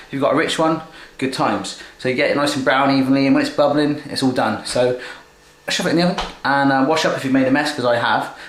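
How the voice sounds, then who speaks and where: A chatty man with an English accent talking viewers through a cooking demonstration in his home kitchen, with loud whoops now and then. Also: mid-range voice. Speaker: cooking vlogger. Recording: roomy kitchen with faint noise.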